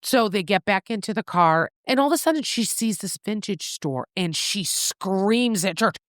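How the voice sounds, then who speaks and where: A woman co-hosting a casual podcast, recapping a novel with lively storytelling and freely swearing. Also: mid-range voice, normal speed, no room sound, clean studio sound. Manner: animated storytelling, acts out characters' lines in shifting voices, swears freely. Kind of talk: casual book recap chat.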